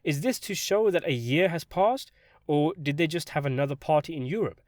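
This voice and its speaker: A man delivering a scripted film review in a sardonic, animated way. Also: on the high side, moderate pace, dry recording, studio quality. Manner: sardonic, animated delivery with sudden jumps for emphasis. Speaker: film critic.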